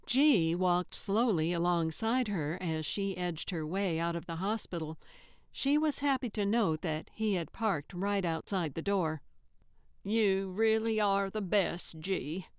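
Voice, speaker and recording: Slow, clear woman narrating a cozy mystery. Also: on the low side, dry recording, studio quality. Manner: steady and even storytelling. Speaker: audiobook narrator. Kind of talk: scripted audiobook narration.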